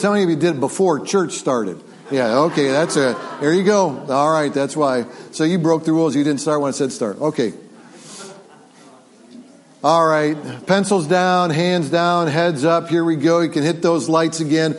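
A pastor in a church sanctuary leads a family Sunday service, coaching children and parents through call-and-response. His voice sits fairly high for a man, and his delivery is lively and interactive. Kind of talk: family sermon.

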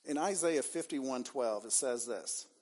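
A man's voice: mid-range voice, a little slow, darkish tone, slightly rough. A man preaching a sermon as pastor, acting out the figures' lines with dramatic swings. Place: church sanctuary.

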